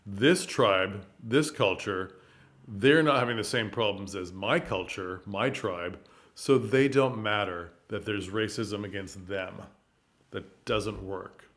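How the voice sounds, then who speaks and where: A man giving a casual spoken commentary on theater, animated and full of rhetorical questions, sometimes tripping over his words. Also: on the low side, takes it slowly.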